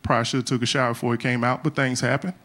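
Here a middle-aged comic works a club crowd in a live stand-up set, his mid-range voice fairly bright but flat in delivery. He speaks casually, acting out quoted lines and often stretching out a "man" at the end of a line. Audience laughter and crowd noise fill the live recording.

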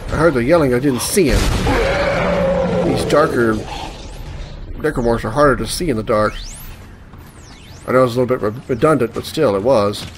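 A man's voice: mid-range voice, moderate pace, long pauses. A man casually commenting on his gameplay, muttering reactions and swearing when startled, with game music playing behind him. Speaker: let's play gamer. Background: game music and sound effects.

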